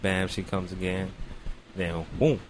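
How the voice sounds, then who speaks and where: Animated, profane man telling a story. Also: sits low, unhurried, heavy background noise. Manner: animated, profane, acts out his own reactions. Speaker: podcast co-host. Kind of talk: casual storytelling.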